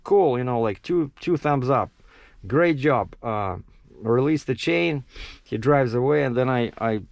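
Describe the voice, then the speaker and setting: A man, a truck driver, chats through a casual vlog in a middle-pitched voice. He acts out his own quotes and laughs at himself as he goes. The sound is dry and close. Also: no echo.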